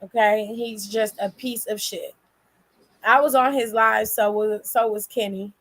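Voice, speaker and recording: A woman's voice: mid-range voice, steady tone, measured pace, a bit bright. A woman giving blunt, sassy and profane casual commentary as a vlog host. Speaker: wrestling commentary vlogger.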